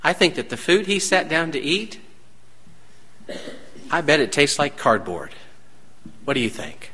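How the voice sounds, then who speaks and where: A man's voice: fairly high pitch, big pitch swings, measured pace, pushed and bright, breathy edge, long reverb tail. A man preaching a sermon, dramatic and full of rhetorical questions to his congregation. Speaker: pastor.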